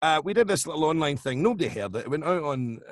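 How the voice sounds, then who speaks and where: A man telling animated show-business anecdotes as a guest on a video call, laughing often and slipping into impressions. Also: on the high side, quick pace, no echo, studio quality. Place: home over video call.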